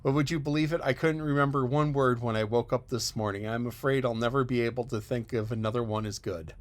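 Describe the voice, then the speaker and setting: A man's voice: mid-range voice, fairly even intonation, fast, natural voice. A man reading an audiobook, voicing an eager, talkative orphan girl who pleads breathlessly and wistfully. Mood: apologetic. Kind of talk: audiobook character voice.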